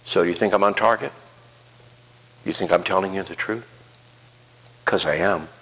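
A male pastor preaching a sermon, swinging between soft, low asides and rising, emphatic declarations. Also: moderate pace, slightly rough. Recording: long hall reverb.

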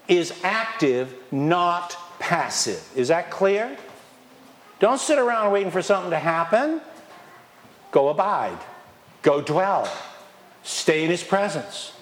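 A man delivers a sermon as pastor in a voice sitting a little high for a man. He talks to the room with constant questions and lively shifts in loudness. Between points he sometimes mocks excuses in a whiny tone. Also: slow, pauses often. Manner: animated, questions the congregation, swings from loud to quiet.

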